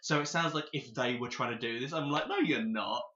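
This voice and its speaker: A man's voice: medium pitch, quick pace, pushed and bright. A man co-hosting a casual podcast, insistent and swearing as he keeps restarting to explain his point. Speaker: podcast co-host. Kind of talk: casual chat. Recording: echoey dull lo-fi podcast audio.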